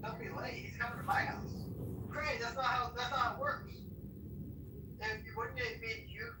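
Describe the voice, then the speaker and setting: Loud taunting man in roomy audio. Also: very high-pitched, steady tone, moderate pace. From Nebraska. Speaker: room participant. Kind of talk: casual live audio-room banter. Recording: roomy, distant, faint hiss.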